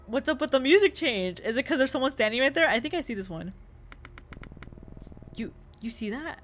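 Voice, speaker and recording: Excitable young woman streaming a game. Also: high voice, brisk, slight background noise. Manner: excitable and jumpy, laughs and swears often. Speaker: VTuber streamer. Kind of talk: casual gaming stream commentary.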